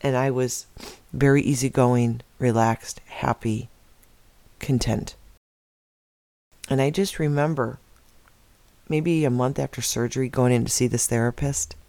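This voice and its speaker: A man's voice: medium pitch, steady tone, measured pace, vocal fry, pauses often, a little mellow, dry recording. A man earnestly sharing a heartfelt personal faith testimony, reflective and open.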